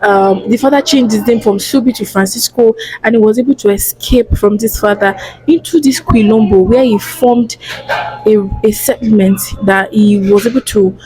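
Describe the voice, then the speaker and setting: A young Nigerian woman vlogger with a Nigerian accent, explaining in a hushed, lowered voice with chatty restarts and asides. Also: normal speed, soft background music, rough recording. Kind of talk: casual explainer vlog.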